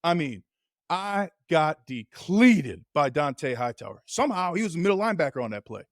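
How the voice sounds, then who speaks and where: Male podcast co-host and former player, slightly high-pitched, animated storyteller, dry close-miked sound. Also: normal speed, no echo. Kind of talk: casual chat.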